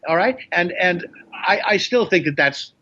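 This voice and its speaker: An older man, a comedian guest, telling stories in an animated way and slipping into impressions in casual chat. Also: high voice, normal speed. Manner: animated storyteller, slips in impressions. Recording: muffled lo-fi sound.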